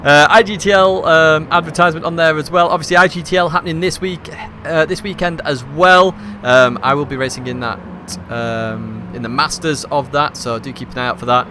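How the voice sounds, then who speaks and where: A man with a bright, forceful voice, commentating a live online race in a chatty, rambling way full of fillers. His pitch sits a little high for a man, and his voice is slightly hoarse. He streams from a hot room at home. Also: steady tone, a little fast, a little hiss or hum.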